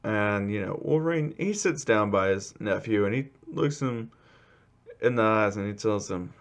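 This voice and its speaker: A man's voice: on the low side, moderate pace. A man casually retelling a fan-fiction story, rambling and filling gaps with "you know".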